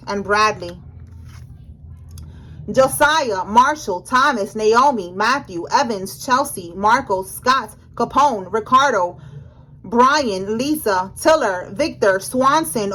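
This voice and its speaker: A woman's voice: on the high side, a bit bright, husky, rough recording. A woman giving a general tarot reading in a casual, emphatic way, talking straight to the viewer with slangy speech. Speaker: tarot reader.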